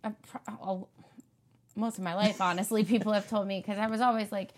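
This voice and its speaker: A woman from the Philadelphia area, chatting casually and telling animated stories. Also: mid-range voice, fairly quick. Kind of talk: casual chat.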